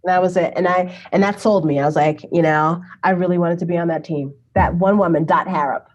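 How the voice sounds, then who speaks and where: A woman in her forties from Brooklyn, New York City, telling a story as an interview guest in a chatty, animated way, acting out remembered dialogue and laughing often. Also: on the low side, fairly quick, dull audio. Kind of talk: casual conversational storytelling.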